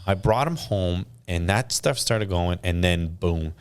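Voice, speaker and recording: A man's voice: deep voice, a little slow, clear, resonant tone. A man in his thirties from Canada, a podcast guest telling stories in casual chat and acting out quotes. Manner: animated storytelling, acts out quotes.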